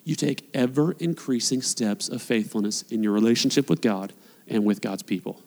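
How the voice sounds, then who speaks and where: A man preaching a sermon as a pastor, passionate and swinging between loud appeals and hushed, quiet lines. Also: mid-range voice, moderate pace. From United States. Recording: long hall reverb.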